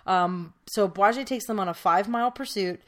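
A woman's voice: medium pitch, brisk. A woman podcast host telling a true crime case in casual, chatty storytelling, with many fillers.

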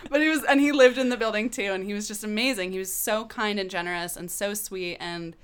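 A woman in her thirties telling a candid personal story as a guest, animated and swearing casually. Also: mid-range voice, brisk, clear, resonant tone.

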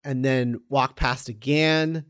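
A young man in casual chat, telling lively anecdotes and acting out the people in them. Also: mid-range voice, slow pace, smooth. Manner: animated anecdote-teller, acts out quoted voices.

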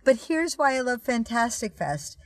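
Woman co-host, high voice, dry room, animated casual storyteller. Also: normal speed, no room sound. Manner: animated storyteller, acts out quotes. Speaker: podcast co-host. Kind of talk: casual chat about movies.

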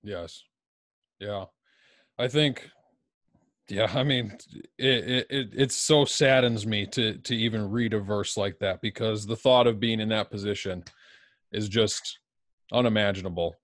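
A man appearing as a podcast guest who speaks in a soft, sincere way during a Bible study conversation. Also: on the low side, measured pace, dry recording, clean studio sound. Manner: soft-spoken, sincere, affirming.

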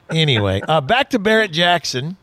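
A man hosting a talk show, telling stories in a casual, animated way, laughing often and acting out voices. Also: a little high, moderate pace. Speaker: radio show host. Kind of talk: casual chat.

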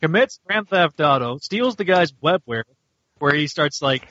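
Bright-voiced man mocking a comic. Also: on the high side, muffled recording. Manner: animated, mocking, does quick voices for characters. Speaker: podcast host. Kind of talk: casual comic book review chat.

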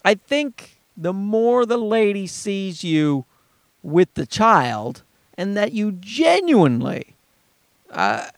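A man in his thirties telling rambling, profane stories in a casual monologue, acting out the people he quotes. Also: dry recording. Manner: profane, rambling storyteller who acts out quoted people in a high voice.

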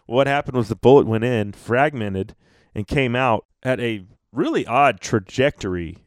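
A man hosting a podcast, telling a hunting story in a lively way, acting out what others said and laughing often. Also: mid-range voice, moderate pace, dry recording, clean studio sound. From North America. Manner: animated storyteller, acts out quotes, laughs often. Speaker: podcast host.

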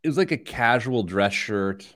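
A middle-aged man hosting a money radio show, telling stories in lively banter that gets loud when he's excited. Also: mid-range voice, normal speed. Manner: animated storyteller, rising loud when excited. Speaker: radio show host, financial planner. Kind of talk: casual studio banter.

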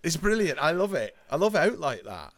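A man's voice: on the high side, moderate pace, slight background noise. A man chatting casually as a podcast co-host, enthusiastic and often laughing. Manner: enthusiastic, laughing, animated storytelling. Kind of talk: casual chat.

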